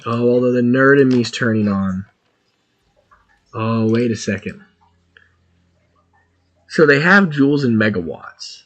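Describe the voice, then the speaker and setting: A man streaming a video game, chatting casually and excitably while thinking aloud about what he is doing. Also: mid-range voice, a little slow, long pauses. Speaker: gaming streamer.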